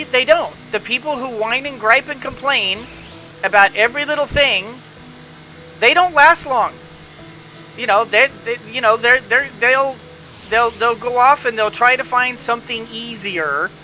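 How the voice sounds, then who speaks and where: Gameplay commentator, bright tone, casual motivational rambling, frequent restarts, faint background music. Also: medium pitch, rough recording. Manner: rambling motivational pep talk with many restarts. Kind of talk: casual let's-play commentary.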